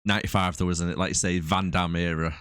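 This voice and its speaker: Low-voiced man sharing movie trivia. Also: level tone, quick pace, fairly bright tone, clean tone, dry recording, clean studio sound. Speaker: podcast co-host. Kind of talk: casual movie review chat.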